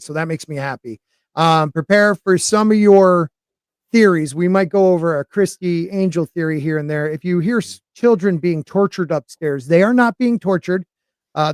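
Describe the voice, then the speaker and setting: A man's voice: high-pitched, dry recording. Brief: male podcast host from Connecticut, loose and jokey, self-deprecating, dry close sound. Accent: Connecticut, near New York. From western Connecticut, US. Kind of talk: casual live-stream chat.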